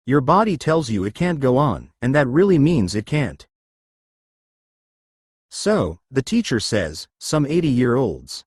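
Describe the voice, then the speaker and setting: A man's voice: medium pitch, sing-song, measured pace, darkish tone, husky, no room sound, clean studio sound. A man leading exercise and breathing drills, giving step-by-step commands and coaching his listeners through each movement. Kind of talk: guided exercise instruction.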